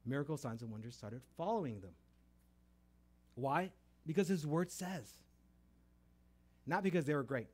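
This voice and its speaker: A man's voice: on the high side, lively intonation, normal speed, pauses often. A man preaching a testimony sermon, telling stories animatedly and acting out voices in quoted dialogue. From Texas.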